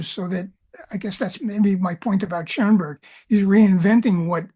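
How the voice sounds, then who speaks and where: Husky woman lecturing, stops and restarts a lot, talks about music. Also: medium pitch, dark tone. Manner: halting, many restarts. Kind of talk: academic discussion.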